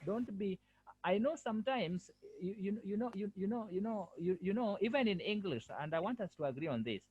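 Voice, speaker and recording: A man's voice: high voice, animated, a little fast, darkish tone, slightly rough, highs cut off. A male French language lecturer giving an online lesson over a video call, repeating himself and firmly correcting students. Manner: repetitive, firm corrections.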